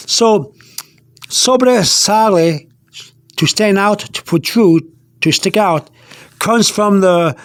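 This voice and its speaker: A man's voice: sits high, dry recording. A man giving a casual spoken language lesson, repeating himself with many fillers and restarts. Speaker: language teacher.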